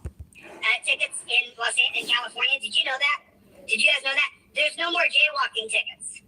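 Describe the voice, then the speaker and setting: A man's voice: very high voice, moderate pace, sharp tone. Rambling American man, distant and hissy. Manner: rambling, dictates a text with punctuation, drops to a whisper. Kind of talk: rambling recorded voice memo. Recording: distant mic, faint background hiss.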